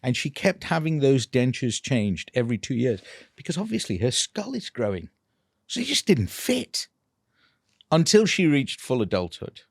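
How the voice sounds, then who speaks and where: A man, a dental implant clinician telling a patient story in a casual, animated way, laughing often. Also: mid-range voice, moderate pace, gravelly, no echo, studio quality.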